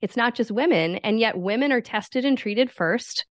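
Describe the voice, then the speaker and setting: A woman's voice: a little high, animated, moderate pace, dry recording, studio quality. A woman author being interviewed on a podcast, speaking in an informed, assertive way with some casual swearing. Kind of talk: conversational interview.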